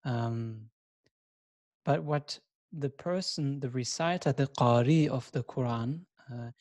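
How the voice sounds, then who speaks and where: A man teaching a recorded course lesson in a measured, reflective way, inviting listeners to take part. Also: mid-range voice, darkish tone, dry recording. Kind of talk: recorded lecture.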